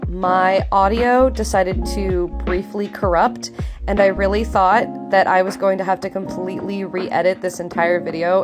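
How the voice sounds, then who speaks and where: A young Canadian woman talking casually in a voiceover over her own footage, chatty and rambling. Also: on the low side. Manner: chatty, rambling, self-described yapper. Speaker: vlogger.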